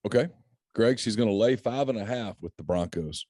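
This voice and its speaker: A middle-aged man runs a relaxed picks chat, his voice low and warm. He jokes and laughs easily as he talks. The sound is close and dry. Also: fairly quick, dry recording. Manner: chatty, joking, laughs often. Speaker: podcast host. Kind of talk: casual sports picks chat.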